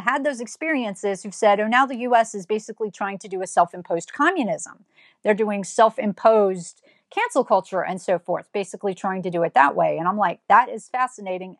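A woman's voice: fairly high pitch, dry recording, clean studio sound. A woman giving an opinion monologue, blunt and scolding, firing off one rhetorical question after another. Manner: emphatic, fires rhetorical questions. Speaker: commentator.

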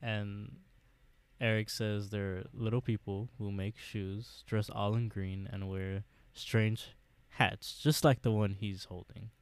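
A man co-hosting a podcast, recapping a TV episode in a casual, halting way with lots of fillers and restarts. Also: on the low side, flat delivery, clean tone, dry recording. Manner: hesitant, many fillers, laughs often. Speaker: podcast co-host.

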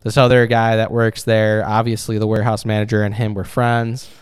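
A man's voice: lowish voice, completely flat delivery, a little fast, clear, resonant tone, no echo. A man co-hosting a podcast, chatting casually with blunt, profane, dry humor. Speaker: podcast co-host. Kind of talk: casual crude chat. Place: warm room without cooling.

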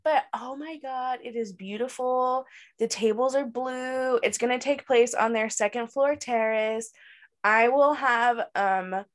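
Brief: woman co-host, higher voice, lively chatty delivery, laughs a lot. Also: a little slow. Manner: animated, laughs often, frequent "like". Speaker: podcast co-host. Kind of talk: casual chat.

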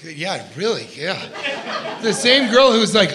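Loud, profane comedian riffing onstage. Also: male voice, high-pitched, sing-song, measured pace. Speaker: comedy podcast host. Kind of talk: live comedy podcast banter. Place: comedy club stage. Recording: live club recording with crowd noise. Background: laughing live audience.

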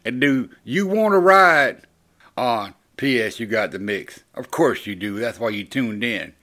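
A man's voice: mid-range voice, animated, unhurried, pushed and bright. A man hosting a radio show, chatting casually in a loose, joking way with plenty of swearing.

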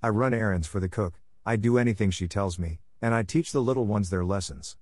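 A man doing a quiet young orphan girl. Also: fairly low pitch, a little fast, natural voice. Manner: quiet, soft-spoken.

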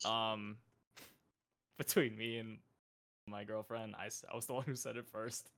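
A man's voice: lowish voice, steady tone, measured pace, bright, forceful tone, slight background noise. A young man telling a personal story in a casual chat, laughing and sounding self-conscious. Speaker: podcast guest.

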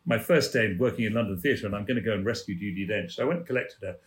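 A man's voice: on the low side, racing. Older man telling theatre stories. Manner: leisurely, amused, acts out the people in his stories. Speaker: guest, theatre producer. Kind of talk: anecdotal storytelling.

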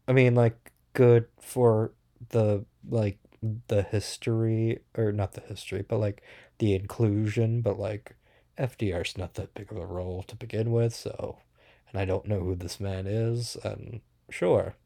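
Blunt rambling man, low mellow voice. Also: steady tone, a little slow, gravelly. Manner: rambling, blunt and sarcastic, many fillers. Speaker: theater reviewer. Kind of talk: casual spoken review.

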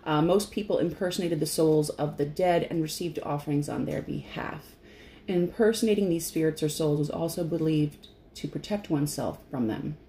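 A woman's voice: low-pitched, normal speed, warm tone. A woman with an Irish accent co-hosting a podcast in casual chat, rambling with restarts and laughing often. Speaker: podcast co-host. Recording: echoey room with faint noise.

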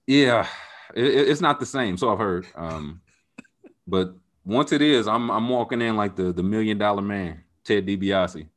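A man, chatting casually as a podcast guest, animated, saying "like" a lot and acting out voices in his stories. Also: lowish voice, a little slow. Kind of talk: casual chat.

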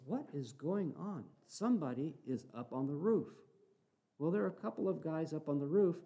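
An older man preaches a sermon in a church, his voice sitting a little high for a man. He tells stories in an earnest, measured way and builds to fervent appeals to the congregation. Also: darkish tone. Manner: earnest storytelling, rising to fervent exhortation.

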